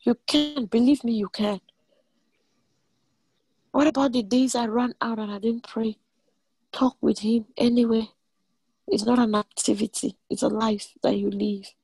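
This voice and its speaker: A woman preaching a sermon, animated and emphatic, repeating lines and jumping in pitch. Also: unhurried, pauses often, slightly rough, dry recording.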